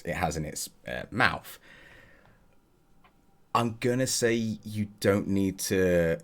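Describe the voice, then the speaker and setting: A man narrating as game master of a tabletop game in a casual, rambling way. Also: sits low. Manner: casual, rambling, with fillers and chuckles.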